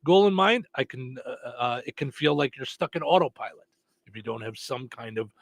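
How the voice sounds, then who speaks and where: A man's voice: mid-range voice, lively intonation, normal speed, creaky, no echo. Rambling male radio host, dry sound. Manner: rambling, many fillers and restarts. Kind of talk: casual morning radio chat.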